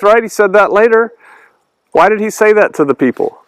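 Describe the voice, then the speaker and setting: A male pastor delivers a relaxed, chatty sermon, often stopping to quiz the people listening. His voice sits high for a man and comes across smooth and clean, recorded close and dry with no room sound. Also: normal speed, dry recording, poor audio. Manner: casual and animated, asks the congregation questions. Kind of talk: conversational sermon with Bible reading.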